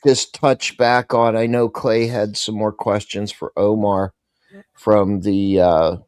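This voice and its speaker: Slow, halting man. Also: on the low side, little pitch movement, a little mellow, clear, resonant tone, no room sound, studio quality. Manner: halting, stumbles over his questions. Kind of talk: casual chat.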